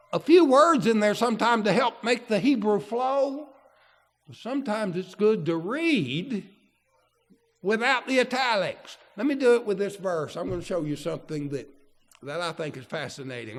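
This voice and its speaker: Male preacher, folksy sermon delivery, church hall with a long echo. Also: sits high. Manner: folksy, asks the congregation questions.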